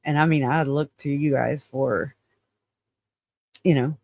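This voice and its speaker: A man's voice: medium pitch, steady tone, a little slow, gravelly, darkish tone, no echo. A man hosting his channel in casual livestream chat, frank and rambling, often laughing and hedging claims as alleged. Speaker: channel host.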